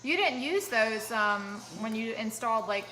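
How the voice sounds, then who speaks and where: Easygoing mom chatting at home, slightly high voice, echoey w/ music. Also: female voice, expressive, measured pace, bright, forceful tone. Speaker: vlog host, mom and homeschool teacher. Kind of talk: casual chat. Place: home under renovation, indoors.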